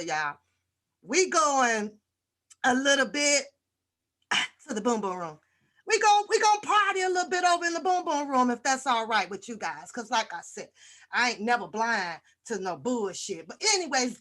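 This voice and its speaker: A woman's voice: on the high side, pushed and bright. A woman hosting a casual livestream, greeting viewers one by one and joking in a brash, profane way. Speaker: livestream host.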